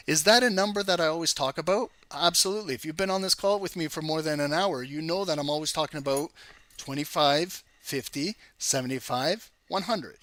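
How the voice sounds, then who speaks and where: A man who teaches trading, walking viewers through a live market analysis in an energetic, chatty way that teases the audience. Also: on the high side, no room sound. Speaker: trading educator.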